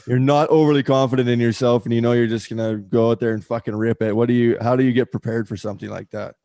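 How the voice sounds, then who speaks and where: A man's voice: mid-range voice, steady tone, fast talker, mellow, dry recording. A man hosting a podcast who asks his guest loose, profane questions. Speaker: podcast host. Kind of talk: casual podcast chat.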